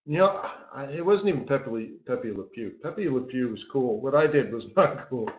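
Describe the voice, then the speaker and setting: A man's voice: mid-range voice, animated, normal speed. A man coaching traders in a live-streamed lesson, talking in a casual, joking way and often tossing in "right?". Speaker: trading coach. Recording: roomy, dull lo-fi stream audio.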